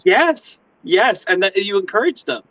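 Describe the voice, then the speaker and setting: A man hosting a casual interview chat, excitable and swearing, acting out little voices with big pitch jumps. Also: measured pace, no room sound, poor audio. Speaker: host.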